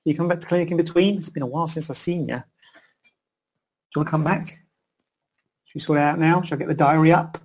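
A man's voice: on the high side, fairly even intonation, fast, long pauses. A middle-aged man, a plastic surgeon, answering questions in a rambling, chatty live session from his computer. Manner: chatty, rambling, self-interrupting. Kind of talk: live Q and A chat.

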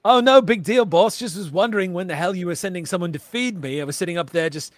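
A man's voice: high-pitched, quick pace, no room sound, studio quality, pitched above the performer's own voice, natural voice. Man doing a sarcastic, grumbling sentry. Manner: drawling, sarcastic complaints. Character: gruff, sarcastic male sentry.

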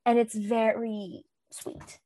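A woman's voice: fairly high pitch, flat delivery, slow, dark tone, slight background noise. A woman co-hosting a podcast, chatting casually about a book, rambling with many fillers. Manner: rambling, full of "um" and "like". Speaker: podcast co-host.

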